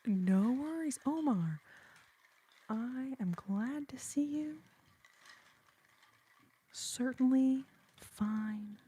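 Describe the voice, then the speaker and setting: A woman hosting an ASMR livestream in a whispered role-play, softly chatting with viewers, giggling and singing snippets of lullabies. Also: on the high side, slightly rough. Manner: sings snippets of lullabies in a hushed voice.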